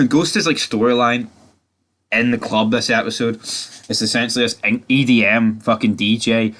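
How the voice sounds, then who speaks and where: A man's voice: mid-range voice, steady tone, normal speed, fairly bright tone. A man giving a casual, profanity-heavy TV recap, opinionated and mocking. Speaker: TV series recapper.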